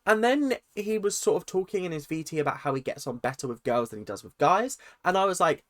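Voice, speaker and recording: A man, chatting through a casual, opinionated rant vlog full of lively asides. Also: on the high side, brisk. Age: 20s. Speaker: vlogger.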